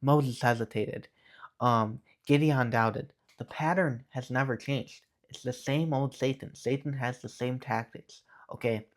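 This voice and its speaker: A man's voice: medium pitch, normal speed, few pauses. A young man giving a casual, earnest faith talk to his viewers, often checking in with "okay". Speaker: Christian YouTuber.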